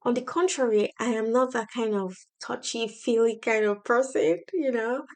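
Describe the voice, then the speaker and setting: A woman's voice: fairly high pitch, moderate pace, a little mellow. A woman in her thirties hosting a casual solo podcast from her home office, speaking in an earnest, encouraging way. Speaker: podcast host.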